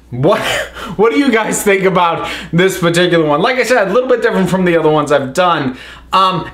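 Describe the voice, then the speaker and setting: A woman hosting a video rant, exasperated and incredulous, often shouting questions. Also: medium pitch, reverberant. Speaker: host.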